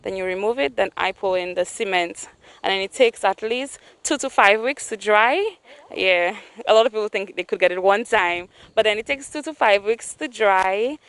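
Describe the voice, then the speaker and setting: A woman's voice: medium pitch, normal speed, a bit bright, clean tone, no room sound, poor audio. A woman from Saint Lucia, a guest on a morning TV show, explaining her small business in an earnest, plain-spoken way. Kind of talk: TV interview.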